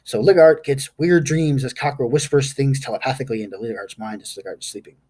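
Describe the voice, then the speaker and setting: A man's voice: mid-range voice, fast talker, a little mellow, husky. A man game master giving a casual, rambling recap of his tabletop session, stopping now and then to recall names aloud.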